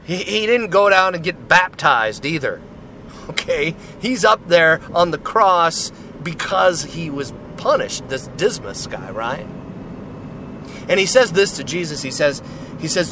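A man's voice: on the high side, animated, unhurried. Earnest man preaching over street noise. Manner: earnest and rambling, many restarts and "right?", "you know". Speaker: Christian speaker sharing testimony. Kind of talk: informal preaching with personal testimony. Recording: noisy street with passing cars.

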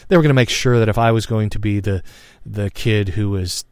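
A man's voice: on the low side, a little fast, a little mellow, clear, resonant tone, no echo. A man of fifty telling a personal story in a frank, reflective monologue, swearing freely and often restarting his sentences. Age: 50s. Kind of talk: candid spoken monologue.

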